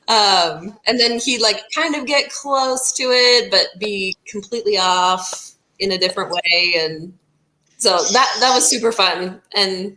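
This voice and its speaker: A woman author talking casually about her writing, thoughtful and pausing often. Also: mid-range voice, sharp tone, reverberant, a little hiss or hum, poor audio. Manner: thoughtful, many "um" pauses.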